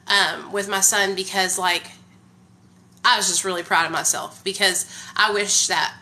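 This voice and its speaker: A woman talking in a casual live stream on her phone, energetic and hyped, saying "like" and "y'all" a lot. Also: mid-range voice, moderate pace. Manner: heavy use of "like" and "y'all".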